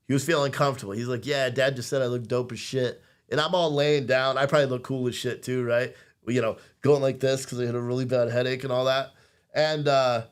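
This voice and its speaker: A man's voice: mid-range voice, a bit bright. A man in his thirties hosting a podcast, telling a rambling, profane family story and acting out the dialogue. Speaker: podcast host. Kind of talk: casual storytelling on a live stream.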